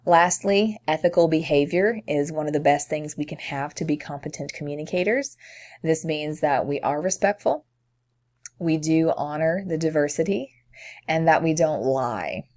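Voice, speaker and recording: A woman teacher with a low-pitched voice and a light Tennessee accent. She talks through a recorded screencast lesson in a relaxed, conversational way, often pausing on an um. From southern United States. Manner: conversational, with frequent ums.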